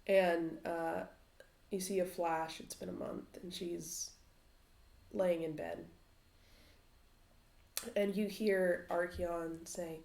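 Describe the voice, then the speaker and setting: A woman narrating a tabletop game as game master, halting with many fillers. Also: on the low side, gravelly. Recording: roomy echo.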